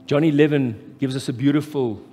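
Impassioned South African pastor in a hall. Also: male voice, mid-range voice, steady tone, brisk, breathy edge. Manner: impassioned, rising to loud emphatic peaks. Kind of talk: live sermon. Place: church hall, live. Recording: echoey church hall with faint music.

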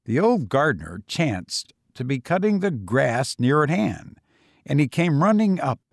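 A man reading a short story aloud as an audiobook narrator, measured and deliberate. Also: medium pitch, sing-song, gravelly, no room sound, studio quality.

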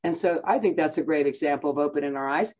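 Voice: mid-range voice, quick pace, a little mellow, lo-fi sound. A Bible teacher giving a conversational lesson, talking in a chatty way with many fillers and self-restarts.

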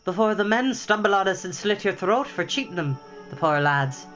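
A storytime reader voicing a bitter, weary middle-aged woman who cries out and scolds, raising the pitch high. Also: expressive, moderate pace, a bit bright, natural voice. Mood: tart. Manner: shrill, tearful, scolding. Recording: dull lo-fi with faint music.

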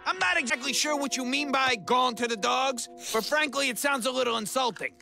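An actor voicing a bumbling, gruff male cartoon villain who hurls sausage attacks, in a gravelly voice. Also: very high-pitched, fairly quick, sharp tone, soft background music, heavily acted. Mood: blustering.

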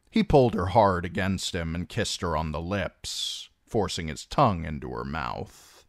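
A man reading a novel chapter aloud as narrator, slow and expressive. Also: low voice, no room sound, studio quality. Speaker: audiobook reader. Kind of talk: storybook narration.

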